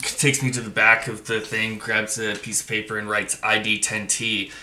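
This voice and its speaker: A man's voice: lowish voice, completely flat delivery, moderate pace, sharp tone, roomy sound, a little hiss or hum. A young man on a podcast, casually telling rambling, profane anecdotes and acting out the quotes. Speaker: podcast co-host. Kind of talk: casual storytelling chat.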